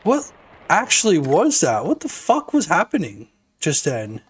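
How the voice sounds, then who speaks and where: A man streaming his game development, chatting casually, excitable, laughing and swearing a lot. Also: fairly high pitch, measured pace, breathy edge. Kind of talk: casual live-stream chat.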